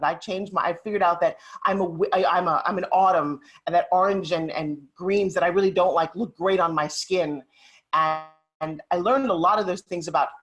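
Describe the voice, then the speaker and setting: A woman in her fifties, a motivational speaker, telling stories in an animated, emphatic way as an interview guest. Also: on the low side. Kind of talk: interview storytelling.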